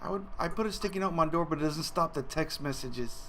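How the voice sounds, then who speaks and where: A man giving jokey, casual commentary while playing a strategy game with a friend, quick to laugh. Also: on the high side, pushed and bright, slight background noise. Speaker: let's play co-host.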